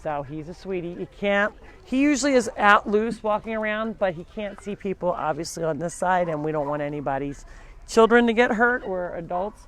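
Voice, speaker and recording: A woman's voice: mid-range voice, lively intonation, normal speed, fairly bright tone. A woman hosting a live farm sanctuary tour. She talks to viewers in a chatty, rambling way as she walks outdoors between the pens, recorded on a handheld mic. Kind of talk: casual live-stream tour narration.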